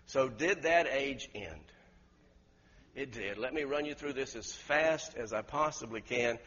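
A man preaching a sermon, emphatic and questioning the congregation, rising to loud peaks. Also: medium pitch, a little slow. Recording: lo-fi recording with long hall reverb.

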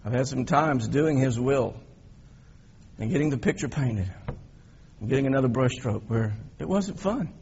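A man preaching a sermon as a pastor, telling the story in an animated way and swinging between loud emphasis and quiet reflection. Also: mid-range voice, normal speed, lo-fi sound, slight background noise.

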